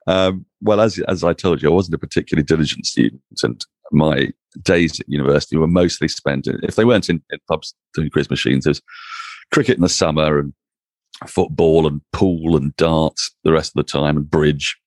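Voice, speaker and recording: Very deep gravelly male raconteur. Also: a little fast, no room sound, clean studio sound. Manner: animated, self-mocking raconteur with frequent restarts. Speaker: cricket commentator, podcast guest. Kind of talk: anecdotal interview storytelling.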